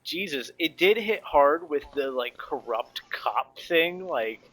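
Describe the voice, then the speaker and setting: A man co-hosting a casual comic book podcast, retelling story scenes in a relaxed way. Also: on the high side, takes it slowly. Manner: relaxed storytelling, quoting characters. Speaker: podcast co-host.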